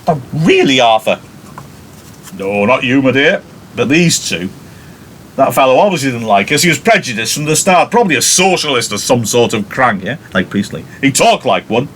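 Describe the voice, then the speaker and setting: A pompous businessman father, bluff and quick to blame, read aloud by a man. Middle pitch, nothing put on heavily, like a classroom play reading. He sounds indignant and self-important. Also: big pitch swings, fairly bright tone, slight background noise.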